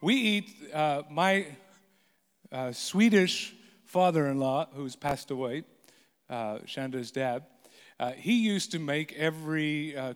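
A pastor in his fifties, his voice a little high, tells funny stories from his own life during a sermon, joking with the congregation and poking fun at himself. The hall adds reverb.

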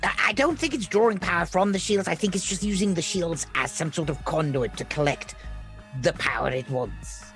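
A man's voice: sits high, moderate pace, a bit bright, soft background music. Argumentative man playing a tabletop game. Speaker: player. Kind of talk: casual tabletop game talk.

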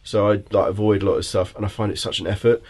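A man's voice: on the low side, steady tone, fast, a little mellow, slightly rough. A man hosting a podcast in casual chat. He is blunt and jokey and swears a lot. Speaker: podcast host.

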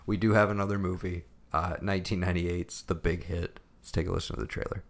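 A man's voice: deep voice, fairly even intonation, fast. A man co-hosting a movie podcast, chatting casually with easy laughs and joking banter. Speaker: podcast co-host. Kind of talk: casual chat.

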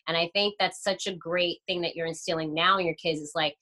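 Bright-toned woman podcast co-host. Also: fairly low pitch, fairly even intonation, quick pace, few pauses. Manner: warmly affirming, storytelling. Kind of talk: casual podcast chat.

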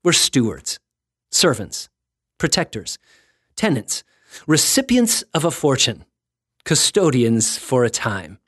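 A man's voice: mid-range voice, sing-song, slow pace, pauses often, slightly rough, dry recording, clean studio sound. Earnest man hosting a faith podcast. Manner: earnest, gently self-mocking, reflective. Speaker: podcast host and ministry founder. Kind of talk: scripted devotional podcast talk.

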